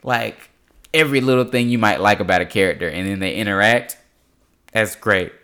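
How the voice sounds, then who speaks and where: A man's voice: fairly low pitch, a little fast, pushed and bright, clear, resonant tone. Young man hosting a loose podcast chat. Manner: loose, rambling, laughs a lot. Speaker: podcast host. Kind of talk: casual chat.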